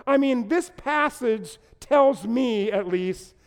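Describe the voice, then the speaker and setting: A high-pitched man with a smooth, resonant voice preaches to an online audience, talking conversationally and pausing for them to type in answers. He slips in playful puns and asides. A long reverb from the large, empty room trails behind every word. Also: expressive. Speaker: pastor. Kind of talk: livestreamed sermon.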